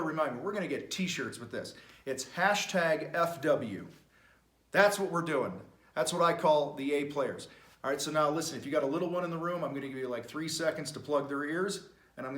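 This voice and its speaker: A middle-aged man coaching contractors on camera, blunt and high-energy, with some swearing. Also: sharp tone. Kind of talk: motivational talk to camera. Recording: echoey room.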